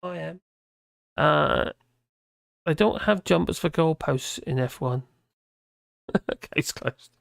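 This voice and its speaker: Tired, gravelly live streamer. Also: mid-range voice, lively intonation, no room sound, studio quality. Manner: rambling, halting, with many restarts. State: tired and mumbling. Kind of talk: casual live stream commentary reading out chat.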